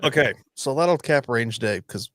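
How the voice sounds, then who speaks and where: A man's voice: medium pitch, lively intonation, normal speed, a bit bright, dry recording. Guy rambling on a podcast, swears a lot, mid voice, dry close mic. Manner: rambling, profane, storytelling. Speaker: podcast host. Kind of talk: casual chat.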